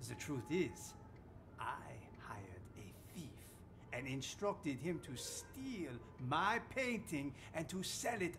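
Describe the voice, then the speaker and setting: An actor playing a haughty male artist in a game, talking theatrically with sighs and hushed asides. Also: on the high side. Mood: scheming. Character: haughty male artist, disdainful of the art crowd. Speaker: game character.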